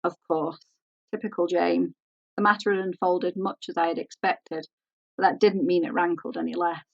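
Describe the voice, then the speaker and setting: A woman author reading her novel aloud in a measured, composed way. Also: fairly low pitch, level tone, gravelly, no room sound, lo-fi sound.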